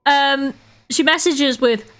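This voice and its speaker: Giggly high-voiced British woman streamer. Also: takes it slowly, fairly bright tone, faint music behind. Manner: giggly, teasing, swears freely. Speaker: streamer hosting a drawing stream. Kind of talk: casual live-stream chat.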